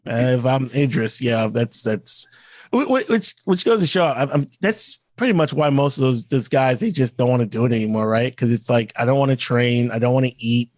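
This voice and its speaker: Podcast guy rambling about movies, mid pitch, dry mic, lots of restarts. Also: expressive, normal speed, no room sound. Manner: rambling, many restarts and acted-out quotes. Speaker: podcast co-host. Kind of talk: casual chat.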